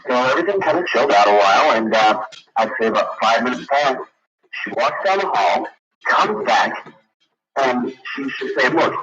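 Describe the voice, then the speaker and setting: A man's voice: mid-range voice, animated, normal speed, a bit bright, a little hiss or hum. A man calling in to a late-night radio show, telling a story in a rambling way full of fillers. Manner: rambling, many fillers and restarts. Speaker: caller. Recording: dull lo-fi radio broadcast with crowd.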